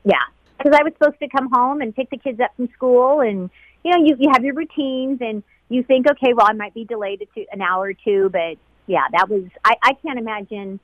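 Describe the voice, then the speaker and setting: A woman who was a flight attendant, being interviewed about a painful day. She talks in a halting, emotional way and often repeats herself. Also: fairly high pitch, no room sound. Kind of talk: emotional personal recollection. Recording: dull lo-fi sound.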